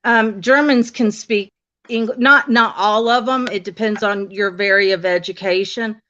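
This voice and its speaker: A woman's voice: mid-range voice, steady tone, measured pace, bright, forceful tone. A middle-aged woman in casual conversation, rambling and restarting her sentences often. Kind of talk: casual chat. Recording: dull lo-fi audio.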